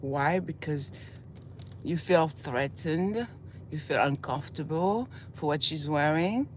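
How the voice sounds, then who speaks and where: A woman's voice: sits low, slow pace. A woman from Senegal, raised in France, speaks in an impassioned commentary vlog. She has a groggy morning voice and piles up her points in repeated lists as she heads to work. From born in Senegal, raised in southern France. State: groggy morning voice, just woke up. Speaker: vlogger. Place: outdoors on a city street, on her way to work. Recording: street traffic noise behind the voice.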